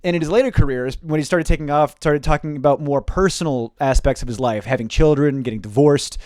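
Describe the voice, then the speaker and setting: A young man, a stand-up comedian, riffing casually to camera in a fast, animated way with profane jokey asides. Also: on the high side, no room sound. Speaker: stand-up comedian and video host.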